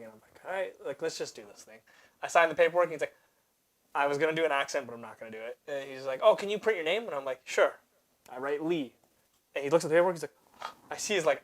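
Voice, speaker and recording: Young male podcast host, slightly high voice, animated, profane storyteller. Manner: animated, swearing anecdote-teller. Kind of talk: casual storytelling chat.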